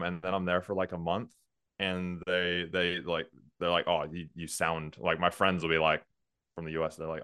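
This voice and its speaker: Interview guest: very low-voiced man, ex-cop, smooth and dry, laughs easily. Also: brisk, dry recording. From United States. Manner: relaxed, laughs often, restarts sentences. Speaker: former police officer, guest. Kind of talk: casual interview conversation.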